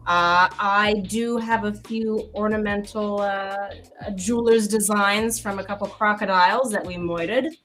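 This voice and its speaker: A woman playing in a tabletop game, upbeat and quick to joke. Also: mid-range voice, steady tone, fairly bright tone. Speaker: player.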